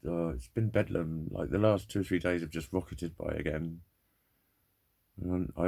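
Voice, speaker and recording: A man talks straight to camera in a low, gravelly voice. He rambles, swears often and sounds worn down by pain and frustration. His delivery is candid and unpolished. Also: darkish tone. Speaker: vlogger. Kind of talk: candid personal monologue.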